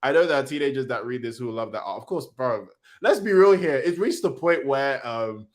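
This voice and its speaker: A man hosting a casual manga reaction, reading panels aloud in an excitable, slangy way. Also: mid-range voice, brisk.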